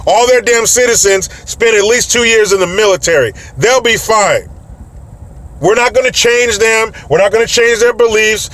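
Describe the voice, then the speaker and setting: A man's voice: high voice, fairly bright tone. A man giving a blunt, profane, mocking political rant as a commentator. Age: adult with children.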